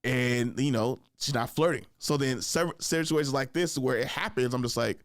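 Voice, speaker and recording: A young man hosting a podcast, telling funny stories in a casual chat, jumping into high voices to act out other people and laughing along. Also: brisk, no echo, clean studio sound. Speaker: podcast host. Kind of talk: casual storytelling monologue.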